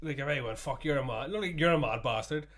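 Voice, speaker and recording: A man co-hosting a podcast chats casually in a fast, mid-range, slightly bright voice. He swears freely and laughs his way through his stories.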